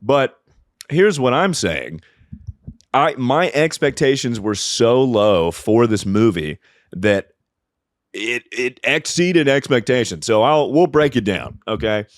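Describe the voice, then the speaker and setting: A man's voice: mid-range voice, lively intonation, slow pace, no room sound, studio quality. A man co-hosting a casual comedy podcast, ranting profanely and breaking into mocking voices. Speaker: podcast co-host.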